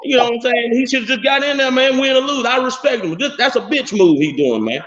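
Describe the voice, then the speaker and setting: High-voiced man ranting over a dull line. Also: lively intonation, brisk, a bit bright. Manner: blunt, rambling, insistent. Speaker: caller. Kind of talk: heated call-in rant.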